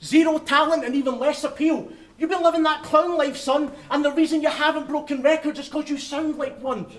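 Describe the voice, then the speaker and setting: A man's voice: extremely high pitch, fairly even intonation, a little fast, noisy background. A Scottish man performing crude, taunting bars in a live rap battle, often laughing at his own lines, in a large venue. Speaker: battle rapper. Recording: echoey hall with loud crowd.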